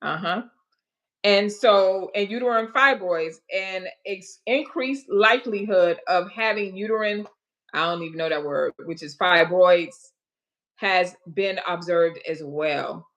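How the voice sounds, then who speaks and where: A woman hosting a live stream in a loose, chatty way, speaking straight to her audience with homey asides. She breaks off now and then to read out facts in a halting manner. Her voice sits at an ordinary middle pitch. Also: fairly bright tone, highs cut off. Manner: chatty, addresses viewers directly with folksy asides; reads health facts aloud haltingly between chat. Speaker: livestream host. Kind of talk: casual livestream chat.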